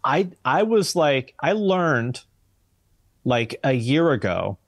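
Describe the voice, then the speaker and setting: A man's voice: mid-range voice, sing-song, slow pace, dry recording, studio quality. A man hosting a podcast in casual chat, blunt and joking, swearing freely. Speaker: podcast host.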